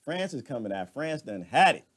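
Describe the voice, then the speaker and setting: Animated laughing man ranting on stream. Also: fairly high pitch, brisk. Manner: animated, laughing, talks back to viewers; colloquial, drawling asides. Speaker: live stream host. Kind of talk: casual ranting monologue.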